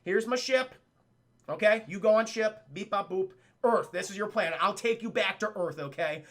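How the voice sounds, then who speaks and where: A man voicing a gruff male alien hunter who talks in a blunt, profane, mocking way. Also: high voice, normal speed, fairly bright tone.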